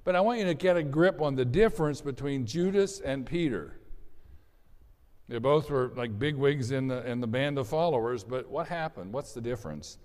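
A man's voice: medium pitch, expressive, normal speed, darkish tone, big-room sound. A man preaching a sermon in a conversational way, stopping and restarting often as he reads and explains scripture. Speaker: pastor.

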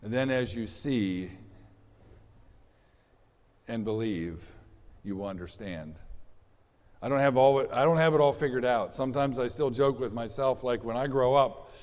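A man's voice: medium pitch, a little slow, long pauses, darkish tone. Guy pastor preaching, chatty and rambly, lots of restarts, big hall echo. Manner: conversational, rambling with restarts and asides. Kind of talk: sermon. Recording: long hall reverb.

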